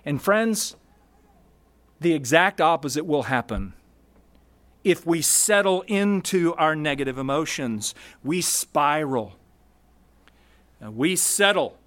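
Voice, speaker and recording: A man delivers a sermon in a high voice. He speaks slowly and emphatically, breaking his points into short phrases and repeating key words with deliberate pauses. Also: lively intonation, a bit bright. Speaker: pastor.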